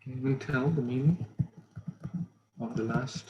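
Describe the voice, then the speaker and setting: A man leads a scripture class in an easy, conversational way, asking questions and murmuring "hmm" as he goes. His voice sits at an ordinary middle pitch. Faint noise runs underneath. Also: moderate pace, dull audio.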